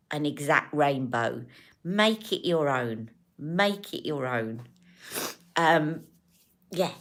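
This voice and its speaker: A woman's voice: rumbling low, a bit bright. A woman hosting a casual beauty livestream, chatting to viewers in a rambling, affectionate way. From United Kingdom.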